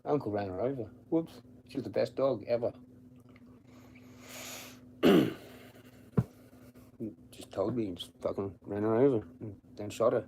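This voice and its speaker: Low, dark-voiced Australian guy, blunt and foul-mouthed, casual stream chat. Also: measured pace, creaky, long pauses, a little hiss or hum. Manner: blunt, swears constantly, laughs at his own stories. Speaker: livestreamer. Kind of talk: casual rambling livestream chat. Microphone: streaming from home with the camera off.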